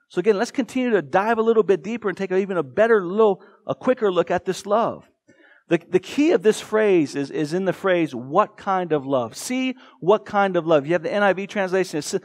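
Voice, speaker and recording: A man with an American accent preaching a sermon as pastor, earnest and emphatic. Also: high-pitched. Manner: earnest, emphatic, with dramatic quoted voices.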